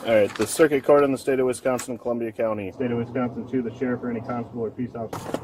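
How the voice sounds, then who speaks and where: Man, deputy, calm, procedural, quick, noisy background. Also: mid-range voice. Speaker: sheriff's deputy. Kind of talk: procedural reading to a detainee. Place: roadside stop and hospital room.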